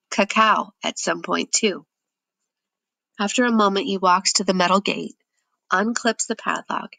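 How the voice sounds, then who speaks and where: A woman giving steady, measured first-person audiobook narration. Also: on the low side, vocal fry, no echo.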